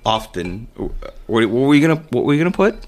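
A middle-aged man co-hosting a podcast, chatting casually and joking over cocktails in an animated way. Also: medium pitch, brisk, a little hiss or hum. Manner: animated, joking, trails off mid-sentence. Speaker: podcast co-host.

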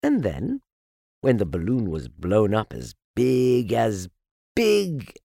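Slow, gravelly storybook narrator, a man. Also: medium pitch, huge pitch swings, no room sound, clean studio sound. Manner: slow, deliberate, softly lilting. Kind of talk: storybook reading.

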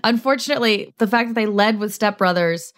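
A woman co-hosting a podcast in casual, playful chat, laughing often and reading sponsor copy briskly. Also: medium pitch, fairly bright tone. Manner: playful, giggly, reads ads briskly. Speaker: podcast co-host.

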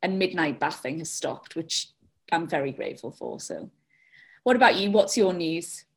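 A woman co-hosting a casual podcast, relaxed, chatty and quick to laugh. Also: low-pitched, gravelly, breathy edge. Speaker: podcast co-host. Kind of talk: casual chat.

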